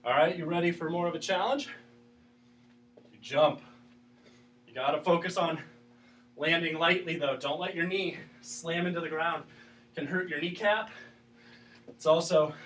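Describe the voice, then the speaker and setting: A man's voice: fairly high pitch, a bit bright, a little hiss or hum. A man teaching a children's exercise class, counting down reps and explaining as he works out, breathing hard from the effort. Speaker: teacher leading a class workout. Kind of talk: instructional exercise video. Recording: voice distant from the mic.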